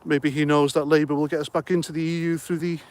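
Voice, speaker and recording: This middle-aged host talks fast in a voice that's a little high yet darkish, with a level tone. He's reading comments on a casual livestream, rambling and joking, and is a bit winded.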